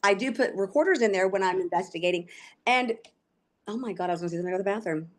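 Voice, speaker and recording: A woman's voice: medium pitch, expressive, rapid-fire. A woman from Texas with a Texan accent, a podcast guest chatting casually, giggling and rambling as she loses her train of thought. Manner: giggly, rambling, self-interrupting. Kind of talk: casual chat.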